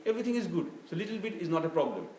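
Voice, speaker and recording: A man's voice: a little high, big pitch swings, racing, warm tone. A man voicing a sly male devil who coaxes a believer in a soothing, persuasive way, in an echoey room. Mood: coaxing. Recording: echoey room with faint noise.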